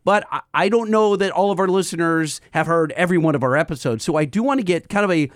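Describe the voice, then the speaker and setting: Male podcast co-host, jokey and lively, slightly high voice, dry close mic. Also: quick pace, no room sound. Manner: lively, jokey, reads specs off a chart. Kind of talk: casual podcast chat and live ad reads.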